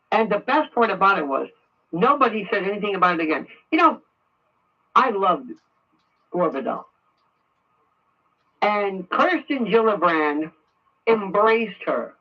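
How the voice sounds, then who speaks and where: A man's voice: extremely high pitch, recorded from a distance. Angry ranting talk radio man. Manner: angry, ranting, repeats himself. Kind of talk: political talk radio monologue. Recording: muffled radio audio from afar.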